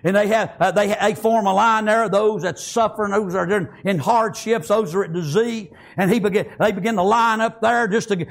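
A male preacher delivering a fervent sermon, swinging from hushed tones to shouts and peppering his lines with amens. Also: high-pitched, moderate pace, gravelly, hardly any pauses.

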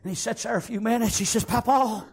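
A male preacher telling a story in a sermon, punctuated with amens and shouted lines. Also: high-pitched, steady tone, very fast, vocal fry, breathy edge.

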